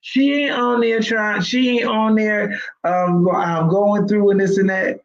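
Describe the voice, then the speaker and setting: A woman's voice: medium pitch, steady tone, unhurried. A woman life coach giving an emphatic, preachy motivational talk, repeating her points for emphasis. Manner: emphatic, preachy exhortation with repetition. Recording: roomy, dull lo-fi sound.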